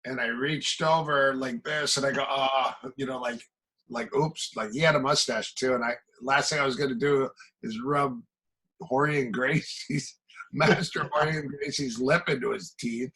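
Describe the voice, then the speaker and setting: A middle-aged Midwestern man, a martial arts coach, tells stories casually as a podcast guest and acts out quoted exchanges. His mid-range voice is steady, unhurried, sharp and slightly rough, and the audio is poor.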